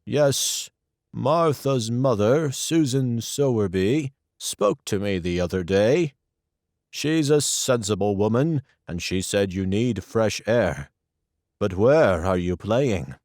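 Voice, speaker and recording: A man voicing a sad, stooped gentleman with gray hair, kind but weary and hesitant. His speech is slow and unhurried, in a dry close recording. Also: on the low side, lively intonation, no room sound.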